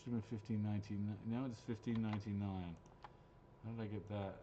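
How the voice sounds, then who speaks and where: A man's voice: fairly low pitch, steady tone, quick pace, dark tone, muffled recording, slight background noise. A man hosting live raffle draws, chatting casually and joking, swearing freely as he goes. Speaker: raffle host. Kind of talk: live-stream raffle draw chat.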